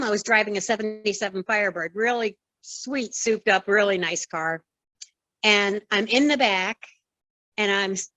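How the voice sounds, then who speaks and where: An older woman in her sixties recounts her past as a guest in an interview. Her voice sits at an ordinary pitch, and she brings her story to life by acting out what each person said. The recording is dry and close, with no room sound. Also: no echo, rough recording. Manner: lively storyteller who acts out quoted dialogue. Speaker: former wrestling referee, interview guest. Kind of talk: conversational storytelling.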